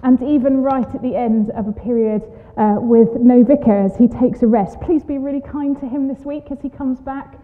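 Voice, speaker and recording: A woman with a Southern English accent giving a sermon in church, reading a testimony aloud with expressive asides. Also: fairly high pitch, moderate pace, hardly any pauses. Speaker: preacher. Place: church hall. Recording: tinny phone-like sound, long hall reverb.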